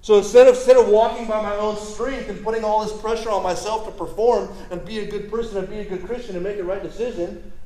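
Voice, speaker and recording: A man's voice: high voice, steady tone, fast, dark tone, roomy sound, rough recording. A man preaching a sermon in a casual, conversational way, often checking in with the crowd by asking "right?". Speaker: pastor.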